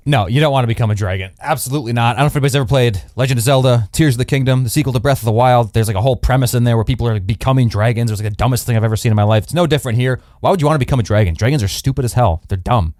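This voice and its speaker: A man's voice: medium pitch, very fast, hardly any pauses, darkish tone, no room sound. Blunt rambling man, dry mic. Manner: blunt, rambling, sarcastic, swears casually. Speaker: podcast co-host. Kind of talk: casual podcast chat.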